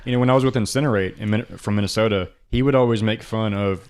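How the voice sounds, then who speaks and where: A man hosting a casual podcast chat, talking in a brash, profane and excitable way. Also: on the low side, fast, a little hiss or hum. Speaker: podcast host and drummer.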